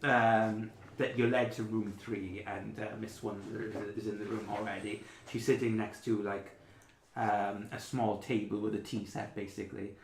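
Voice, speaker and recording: A man's voice: lowish voice, flat delivery, moderate pace, a little hiss or hum. A young man narrating a tabletop game as dungeon master, describing scenes in a rambling, filler-heavy way. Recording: roomy echo.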